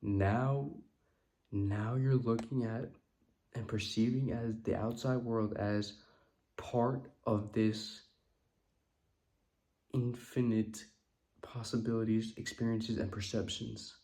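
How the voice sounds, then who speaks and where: Slow, flat-voiced tired man. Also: on the low side. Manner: loose and rambling, repeats "right?", slows down for emphasis. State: tired and yawning. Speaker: creator talking about manifestation. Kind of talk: casual spiritual talk to camera.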